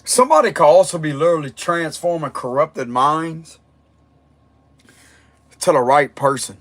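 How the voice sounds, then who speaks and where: In a fairly high voice at a normal speed, a man reads tarot in a direct, forceful way. He keeps repeating himself for emphasis, and his voice sounds strained.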